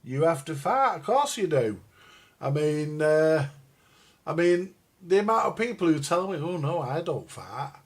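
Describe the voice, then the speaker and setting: In a fairly high, animated voice, a little slow, an older man chats to his live-stream viewers about records and radios. He's a record collector vlogger whose rambling talk is crude and jokey, and he calls everyone "guys."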